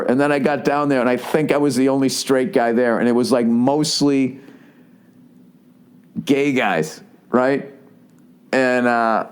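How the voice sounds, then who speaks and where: A man in his forties hosting a solo comedy podcast, telling stories in a profane, rambling way, with many "right?" asides and quick mocking impressions. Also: a little mellow. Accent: Boston. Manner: slips into mocking impressions with jumps in pitch. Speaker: podcast host.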